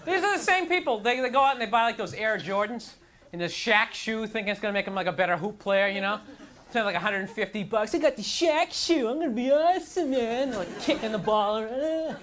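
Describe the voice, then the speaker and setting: On a comedy club stage before a live audience, a man does a self-deprecating, exasperated stand-up set peppered with "like" and "you know." His high voice is expressive, brisk and sharp, and the live recording catches crowd laughter.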